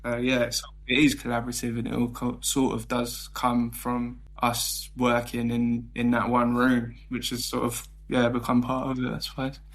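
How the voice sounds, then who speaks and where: Flat-toned young London man. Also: mid-range voice, moderate pace, few pauses. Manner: hesitant, searching for words, flat delivery. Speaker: band member. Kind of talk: casual interview chat.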